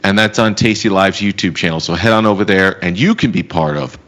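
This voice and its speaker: Man, thirties, low-pitched, casual, chatty live show host. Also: expressive, a bit bright. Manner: chatty, quick asides, frequent laughs.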